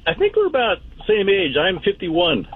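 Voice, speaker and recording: A man's voice: high-pitched, wildly swooping pitch, normal speed, a little hiss or hum. Older man on a tinny phone line. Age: 70s. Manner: friendly, nostalgic, chatty. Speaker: caller. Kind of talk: phone-in caller.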